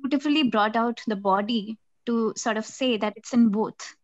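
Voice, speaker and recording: A woman making a polite, formal comment on a video call, measured and courteous. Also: fairly high pitch, dry recording. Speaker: audience member commenting. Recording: dry, dull video-call audio.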